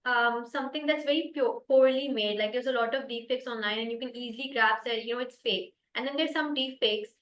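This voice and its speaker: A woman's voice: on the high side, brisk, hardly any pauses, fairly bright tone. A woman hosting a podcast interview, reading an upbeat welcome and then asking casual questions. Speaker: podcast host. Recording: echoey room with faint music.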